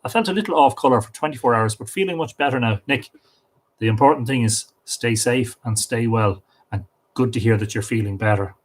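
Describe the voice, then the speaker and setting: A man's voice: medium pitch, fairly quick. A middle-aged Irish man hosting a livestream, casually reading out viewers' comments and greeting each one by name, with small slips and restarts.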